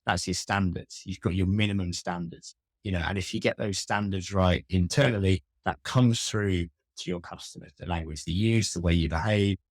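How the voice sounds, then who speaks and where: A man's voice: low voice, fairly even intonation, moderate pace, no room sound, clean studio sound. A man, a customer experience expert, chatting as a podcast guest and telling wry, self-mocking stories. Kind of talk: casual interview conversation.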